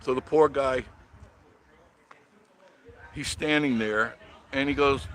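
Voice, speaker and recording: A man's voice: mid-range voice, measured pace, pauses often, a bit bright, rough recording. A man hosting a casual live stream, telling rambling stories, chuckling and answering viewer comments. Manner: rambling storyteller, chuckles often. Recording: audible background noise.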